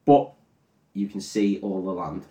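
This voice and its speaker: A man's voice: sits low, fairly even intonation, measured pace, mellow, distant mic. A tipsy man with a crude, giggly manner, casually retelling a film plot as a podcast co-host. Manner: crude, giggly, swaps into silly character voices. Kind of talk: casual comedic film recap. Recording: echoey room.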